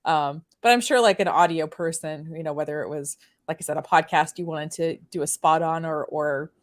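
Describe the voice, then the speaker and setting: A woman's voice: sits low, moderate pace. A woman with a French Canadian accent hosting a casual chat, rambling with many fillers. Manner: chatty, rambling, lots of fillers. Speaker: host.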